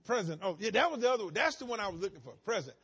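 A man preaching a sermon, swinging between soft conversational asides and sudden shouted, rising emphasis. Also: high voice, sing-song, rapid-fire, breathy edge, lo-fi sound. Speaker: pastor.

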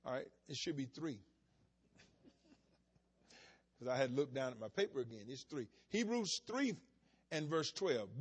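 A man's voice: mid-range voice, animated, slow, long pauses, breathy edge. A male pastor preaching a sermon in a folksy, emphatic way, mixing plain storytelling with bursts of insistence.

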